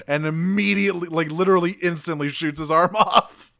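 Bright-voiced man recapping an episode. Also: a little high, fairly quick, vocal fry, smooth, no echo, clean studio sound. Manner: loose, profane, animated storytelling. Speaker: podcast co-host.

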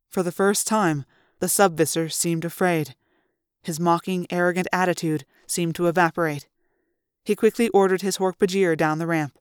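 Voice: medium pitch, normal speed, clean tone, no room sound. Fan audiobook narrator with a dry sound. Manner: steady storytelling, lifts for dialogue.

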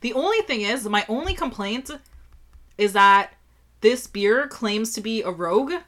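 A young adult woman co-hosting a casual beer review, talking in a halting way with lots of fillers. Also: a little high, expressive, a bit bright. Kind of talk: casual chat.

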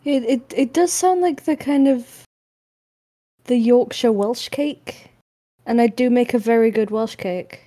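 A woman with a Northern English accent, co-hosting a podcast in a relaxed, easygoing chat. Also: fairly high pitch, unhurried. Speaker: podcast co-host. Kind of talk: casual chat.

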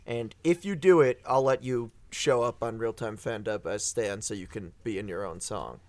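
A man's voice: lowish voice, normal speed. A man co-hosting a podcast, chatting casually and poking fun at himself. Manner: laid-back, self-deprecating. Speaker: podcast co-host.

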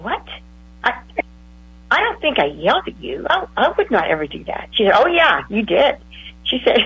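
A woman's voice: mid-range voice, vocal fry, breathy edge, no echo, muffled recording. A woman, a former counselor, casually telling stories from her work and acting out the people in them. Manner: retells conversations, acting out the other voices. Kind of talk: casual storytelling talk.

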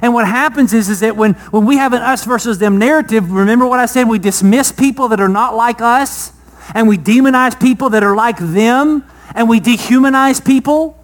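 A preacher with a high-pitched voice delivers a sermon. He throws rhetorical questions to the congregation, letting his voice swell loud before dropping soft. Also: brisk. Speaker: pastor.

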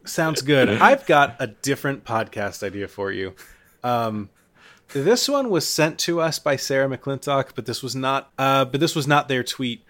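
A young man from Kentucky co-hosting a podcast, dry and deadpan in casual comedic chat. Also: mid-range voice, unhurried. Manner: dry deadpan, directing takes like a producer. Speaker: podcast co-host.

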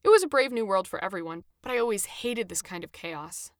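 A woman narrating a first-person story in an expressive, animated reading, her pitch rising and falling freely. The sound is dry and close, with no room echo. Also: a little fast.

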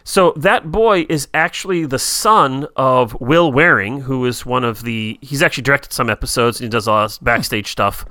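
A man's voice: mid-range voice, moderate pace, few pauses, pushed and bright, no room sound, studio quality. A man co-hosting a casual talk show, chatting with many fillers and hesitations. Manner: hesitant, many fillers, reads quotes aloud. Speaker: podcast co-host. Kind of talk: casual chat about a TV episode.

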